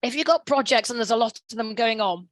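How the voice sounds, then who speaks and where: Hoarse woman presenting a webinar. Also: on the high side, quick pace, no echo, low-quality recording. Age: middle-aged. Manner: frequent restarts and throat clearing. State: hoarse, sore throat. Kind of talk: conference presentation.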